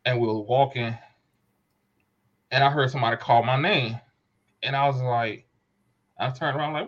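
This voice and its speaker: A man's voice: mid-range voice, moderate pace, long pauses. A man in his thirties telling a rambling, slangy story in casual chat, often correcting himself. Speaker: podcast co-host telling a story. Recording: dull lo-fi recording.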